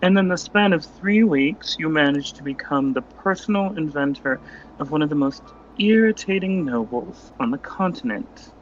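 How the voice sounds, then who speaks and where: A man's voice: a little high, expressive, moderate pace, lo-fi sound, a little hiss or hum, lightly acted. A man playing Sarah, a suspicious adventurer. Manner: pointed, interrogating questions. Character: blunt, suspicious male adventurer.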